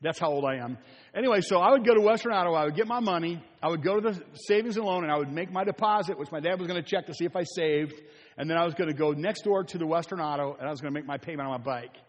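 Older man, pastor, earnest sermon, pleading repetition, fairly high voice, husky. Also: rapid-fire, big-room sound, dull audio. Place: church sanctuary.

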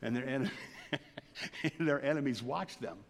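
A man preaching a sermon in a church, telling the story with animated energy and laughter. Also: mid-range voice, measured pace, creaky. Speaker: pastor. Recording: long reverb of a large hall.

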